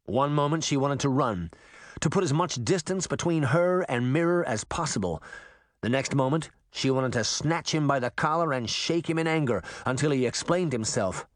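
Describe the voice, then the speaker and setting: Male audiobook narrator, lively pitch, dry close sound, mid voice. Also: normal speed, no echo. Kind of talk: scripted narration.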